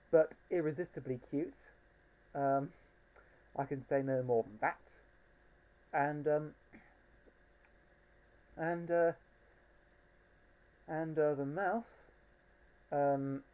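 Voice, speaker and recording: A woman's voice: low voice, mellow. A woman reviewing a plush toy in a casual home video, hesitant and fond, with frequent ums and restarts.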